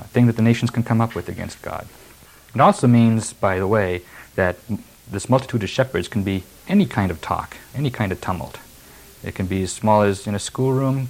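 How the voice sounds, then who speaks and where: A man's voice: lowish voice, vocal fry, low-quality recording. A man preaching a sermon, reading verses and then explaining them emphatically. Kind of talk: sermon expounding scripture.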